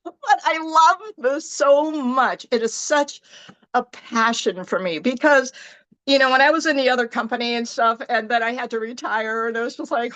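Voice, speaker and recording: A middle-aged woman giving an animated motivational team talk, acting out her own thoughts as she tells stories. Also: on the high side, normal speed, highs cut off. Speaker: team leader in direct sales.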